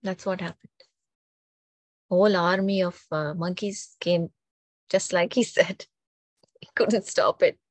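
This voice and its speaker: A woman telling a religious story in a lively, conversational way, often checking in with her listeners. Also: lowish voice, takes it slowly, long pauses, no echo. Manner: animated, conversational, frequent "right?" tags. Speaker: spiritual storyteller. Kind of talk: storytelling talk on mythology.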